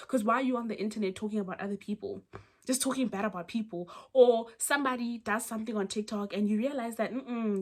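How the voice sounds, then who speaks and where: A young South African woman vlogs casual advice straight to the camera in a medium-pitched voice, emphatic and animated, full of rhetorical questions and restarts.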